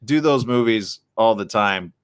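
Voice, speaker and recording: Lively chatty radio host man. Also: lowish voice, clear, resonant tone. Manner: lively, chatty, quick asides. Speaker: radio morning show host. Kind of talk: casual radio chat and news reading. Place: radio studio.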